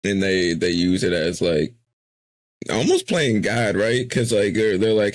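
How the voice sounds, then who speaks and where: A lower-pitched man talks sports in an easygoing podcast style, piling up fillers and restarts and slipping into quoted dialogue now and then. The sound is dry and close, with hardly any room around it. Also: animated, a little slow, no room sound. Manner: loose, filler-heavy, acts out quotes. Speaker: podcast co-host. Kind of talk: casual chat.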